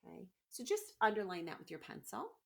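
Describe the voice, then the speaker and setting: A woman teacher giving a remote phonics lesson to children, patient and encouraging, slowly sounding out letters. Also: mid-range voice, wildly swooping pitch, gravelly. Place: home, by a window.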